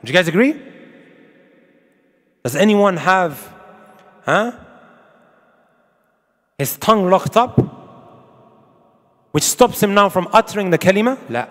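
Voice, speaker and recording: A man's voice: high-pitched, animated, takes it slowly, long pauses, a bit bright, in a large hall. A man preaching a sermon to an audience, emphatic and full of rhetorical questions, with Arabic quotations. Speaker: Islamic preacher.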